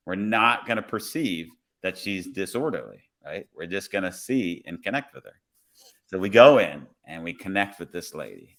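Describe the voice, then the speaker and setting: A man with a fairly low voice tells a story from his job in an easygoing, conversational way. He slips into acting out his own quoted words as he goes. He sounds like a police officer talking on a podcast. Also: moderate pace, a bit bright.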